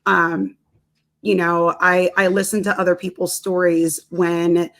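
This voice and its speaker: Lively woman telling a story, lowish voice. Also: measured pace. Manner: lively storyteller, laughs often, repeats words while talking. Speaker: nutrition counselor and personal trainer, podcast guest. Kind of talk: casual storytelling interview.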